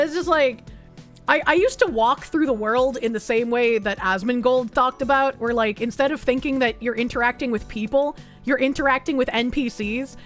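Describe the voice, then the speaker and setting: A young woman streamer with a high-sitting voice reads an article out loud. She reacts with blunt, sarcastic commentary full of swearing.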